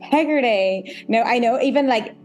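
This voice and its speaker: A woman's voice: a little high, moderate pace, a little mellow, soft background music. A woman guest on a podcast talking candidly about meditation, with a chatty, frank manner full of "like" and "you know". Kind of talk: casual podcast interview.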